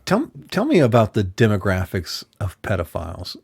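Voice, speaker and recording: A man's voice: fairly low pitch, huge pitch swings, moderate pace, creaky, a little mellow, husky. Blunt, curious male podcast host. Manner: blunt, curious questioner with short reactions. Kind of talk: casual interview questions.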